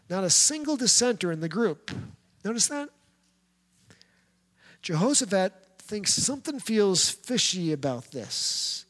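A man preaches, retelling an old story with lively animation. His voice sits high for a man. It rings out with the long reverb of a large hall. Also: measured pace. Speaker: pastor. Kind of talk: sermon.

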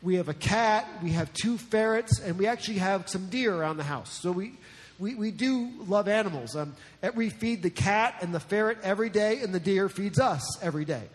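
A man's voice: high voice, normal speed. A man from New Jersey preaching a sermon as a pastor, in a conversational, joking way. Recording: long reverb in a large hall.

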